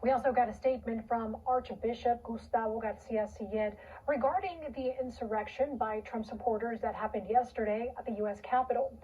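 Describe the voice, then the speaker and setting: Female TV anchor, formal news read, mellow tone, muffled and distant. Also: on the high side, fairly even intonation, husky. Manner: measured, formal delivery. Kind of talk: broadcast news reading. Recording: dull, distant TV audio.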